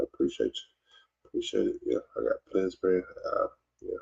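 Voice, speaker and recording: A man's voice: deep voice, very animated, a little fast, creaky, slightly rough. A man from Mississippi with a Southern accent, hosting a podcast in casual livestream chat, rambling and teasing. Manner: rambling and teasing, many fillers and restarts. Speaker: podcast host. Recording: dull lo-fi sound.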